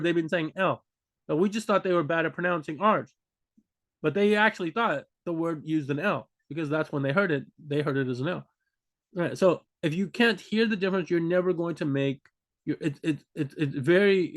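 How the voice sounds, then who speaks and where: A man, a language learning vlogger, talking unscripted to camera in a rambling way, restarting sentences and acting out confused learners. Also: on the high side. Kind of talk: unscripted casual talk to camera.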